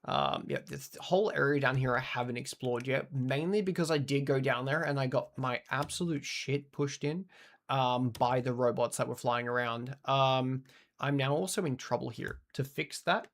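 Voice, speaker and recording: A man's voice: mid-range voice, normal speed. A man from Australia with an Australian accent, casually chatting and swearing while streaming a game and reading out chat.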